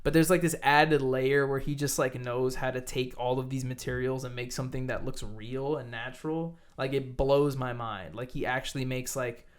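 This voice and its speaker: A man's voice: mid-range voice, fairly even intonation, moderate pace, hardly any pauses. A man co-hosting a podcast, chatting casually and rambling with lots of fillers and swearing. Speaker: podcast co-host; teacher. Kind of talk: casual chat.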